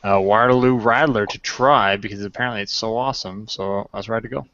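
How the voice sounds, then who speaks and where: A man's voice: lowish voice, fast, a bit bright, dry recording. A man rambling in a self-deprecating way during a casual chat. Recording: dry, lo-fi webcam audio.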